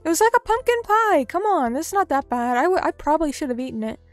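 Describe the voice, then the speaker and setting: A young woman with a bright, high voice chatting on her live stream, playful and self-mocking as she answers her chat. Soft music hums faintly in the background. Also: very animated, fast.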